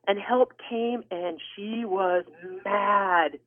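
A woman guest author telling a personal story in an interview, animated and expressive. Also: mid-range voice, a little slow, no echo. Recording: tinny phone line.

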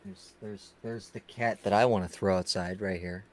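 A man's voice: on the low side, steady tone, moderate pace, darkish tone. A man co-hosting a stream, joking and repeating words in casual chat. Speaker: stream co-host.

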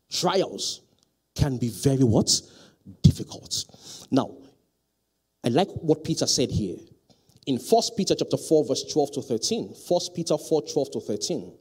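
Animated husky male pastor preaching. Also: mid-range voice. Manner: lively call-and-response preaching, rising to loud emphatic peaks. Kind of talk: sermon. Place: church hall.

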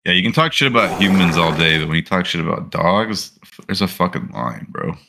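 A man's voice: deep voice, lively intonation, brisk, creaky, noisy background. A man co-hosting a podcast, chatting loosely with profane jokes. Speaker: podcast co-host. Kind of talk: casual chat.

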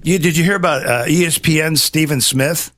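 A man's voice: on the high side, brisk, no echo, clean studio sound. A man hosting a political talk show, ranting emphatically and mockingly in casual chat. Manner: animated, mocking, emphatic rants. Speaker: host.

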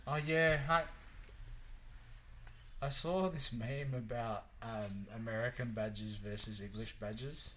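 An Australian man in his late forties co-hosting a podcast, chatting casually in a rambling, jokey, animated way. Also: mid-range voice, unhurried, a little hiss or hum, low-quality recording. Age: late 40s. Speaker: podcast co-host. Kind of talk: casual chat.

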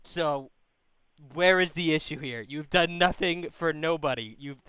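Male call-in host, smooth clear voice, dry close sound, blunt and profane. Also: fairly high pitch, unhurried, dry recording. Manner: blunt, swearing, animated. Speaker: advice show host taking calls. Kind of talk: casual call-in advice.

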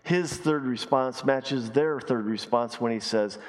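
A man preaching a sermon as pastor, emphatic, repeating key phrases and dropping his voice low and slow to stress a point. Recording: long reverb of a large hall.

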